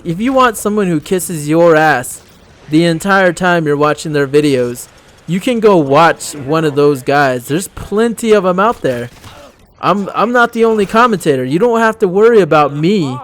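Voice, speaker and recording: Young man, gameplay commentator, rambling, profane, blunt, a bit high-pitched. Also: animated, moderate pace.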